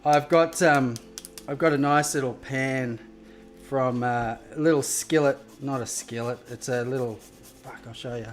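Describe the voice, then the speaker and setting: A man's voice: medium pitch, fairly even intonation, measured pace, soft background music. An Australian man hosting a live cooking stream, chatting with viewers in a rambling, casual way and swearing freely as he cooks in a home kitchen. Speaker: cooking show host.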